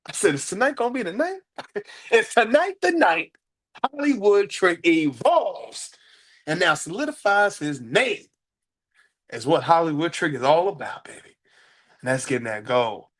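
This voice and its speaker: A man's voice: a little high, big pitch swings, unhurried, fairly bright tone. A man co-hosting a wrestling review podcast, hyped and playful, repeating phrases for emphasis. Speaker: podcast co-host. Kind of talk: casual wrestling review chat.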